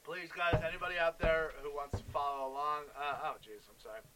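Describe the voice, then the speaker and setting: A man hosting a casual sports podcast, chatting excitedly and reading out viewer comments. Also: on the high side, a little fast, recorded from a distance, crowd noise, poor audio. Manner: excitable, laughing, reads live comments. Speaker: podcast host. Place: room with other hosts.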